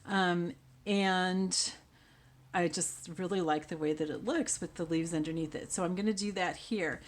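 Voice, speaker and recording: A woman's voice: lowish voice, unhurried. Chatty woman muttering through a craft tutorial. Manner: chatty, thinks aloud while working, drops to mutters.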